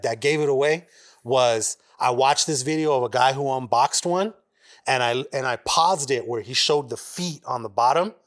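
A man from Arizona co-hosting a podcast, telling a long profane story with a lot of animation. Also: medium pitch. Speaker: podcast co-host. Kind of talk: casual chat.

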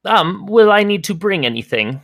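A man's voice: high voice, very animated, normal speed, a bit bright, no room sound, clean studio sound, voice pushed up, full character voice. A man voicing a fussy older woman alchemist with thirty cats, in a prim, haughty, scolding manner.

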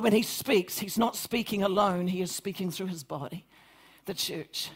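A woman's voice: mid-range voice, moderate pace, husky. A woman pastor preaching a fervent Sunday sermon, rising to emphatic peaks. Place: church service.

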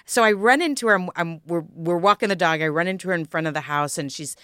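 A woman's voice: on the low side, quick pace, hardly any pauses, sharp tone, smooth, no echo. Woman podcast host, wry and rambling, dry close recording. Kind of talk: casual podcast chat.

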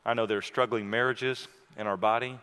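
A man preaching a sermon, telling a story and then moving into a quiet, intimate prayer. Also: mid-range voice, steady tone, a little fast, clear, resonant tone. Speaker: pastor. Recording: long hall reverb.

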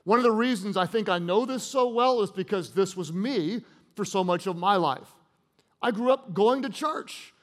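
A man preaching a sermon as a pastor, moving between loud emphatic lines, hushed earnest passages and casual, humorous storytelling. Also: high-pitched, normal speed.

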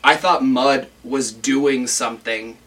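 A man's voice: mid-range voice, steady tone, slow, a bit bright, recorded from a distance. A man co-hosting a podcast, chatting casually and jokily about a TV episode, full of fillers and guesses. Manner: speculative, filler-heavy, jokey. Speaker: podcast co-host. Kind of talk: casual chat recapping a TV episode. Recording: voice a bit off-mic.

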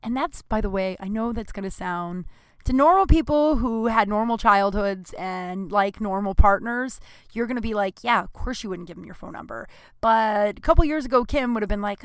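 A woman's voice: mid-range voice, a little fast, clean tone, dry recording, clean studio sound. A young adult woman comedian telling a rambling, chatty story with self-deprecating asides. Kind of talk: comic storytelling.

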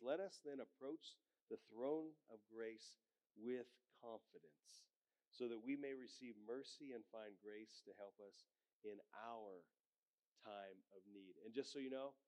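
An older pastor from Colorado delivers a folksy Sunday sermon to his church. He talks in an energetic, homespun way, moving between jokes and quiet scripture reading, and keeps checking in with the congregation. His voice sits in an ordinary middle pitch for a man. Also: clean tone. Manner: folksy, energetic, with frequent call-and-response "Amen?". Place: church sanctuary.

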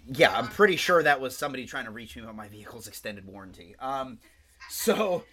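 Man, podcast co-host, bright tone, rambling, profane, animated. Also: medium pitch, brisk. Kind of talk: casual podcast chat.

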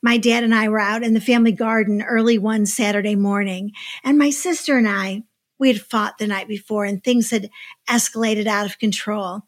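A woman giving a devotional talk, telling a personal story in an expressive, emphatic way. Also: medium pitch, normal speed. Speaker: devotional speaker. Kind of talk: sermon storytelling.

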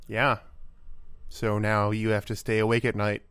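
A man's voice: fairly low pitch, completely flat delivery, measured pace, fairly bright tone, smooth, no room sound. A man co-hosting a casual podcast, with dry teasing humor. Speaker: podcast co-host. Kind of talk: casual chat.

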